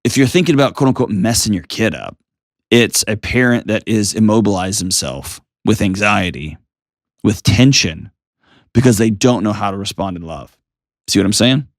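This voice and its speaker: A middle-aged American man hosting an advice call-in show, talking in a calm, earnest coaching way full of rhetorical questions. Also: on the low side, normal speed, no echo, clean studio sound. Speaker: host giving advice.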